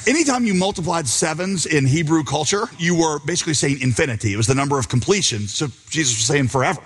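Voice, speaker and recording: A man's voice: a little high, expressive, fast talker, breathy edge. A man preaching a sermon, telling a story and acting out its characters' lines. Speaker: pastor. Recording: long hall reverb.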